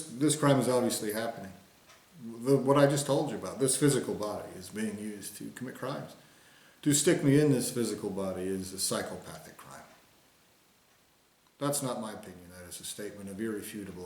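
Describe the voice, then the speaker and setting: A man's voice: mid-range voice, darkish tone. A man in an angry, profane monologue, insisting with repeated phrases and mocking others in put-on voices. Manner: mocks others with sing-song put-on voices. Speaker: vlogger. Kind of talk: ranting monologue to camera. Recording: roomy echo.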